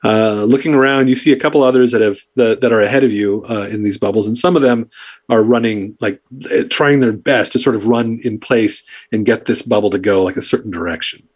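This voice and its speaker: A man's voice: lowish voice, brisk, darkish tone. A man narrating a tabletop game as dungeon master, loose and rambling with many fillers.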